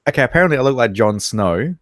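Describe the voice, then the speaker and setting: A man's voice: mid-range voice, lively intonation, fast. An Australian man chatting casually on a livestream as a guest, joking and swearing freely.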